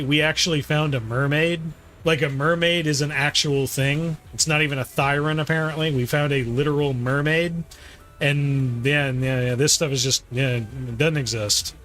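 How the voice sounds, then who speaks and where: A man's voice: a little high, moderate pace, a bit bright. A young man streaming a game, giving crude, sarcastic, joking commentary. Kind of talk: casual gameplay commentary.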